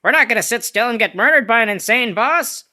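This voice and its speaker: A man voicing a rowdy gang of male pirate henchmen in a high, strained, laughing delivery, bright and forceful. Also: lively intonation, a little fast, heavily acted. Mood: defiant.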